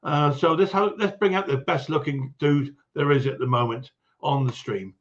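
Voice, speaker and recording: A man's voice: on the high side, normal speed, highs cut off. A man hosting a casual livestream chat, greeting viewers one by one with frequent chuckles. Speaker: livestream host.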